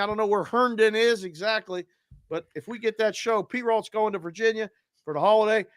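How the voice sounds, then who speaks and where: A man hosts a live show, running through viewer shout-outs in an upbeat, lively way. His voice sits high and sounds bright and forceful. The recording is dry and close, with no room echo. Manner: upbeat, shouts out names and area codes. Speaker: show host.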